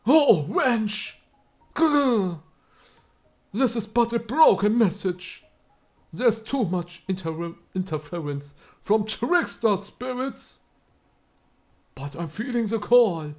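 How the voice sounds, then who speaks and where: A man's voice: high-pitched, a little mellow. An actor playing an entranced man channeling a tormented spirit, with theatrical, anguished pleading.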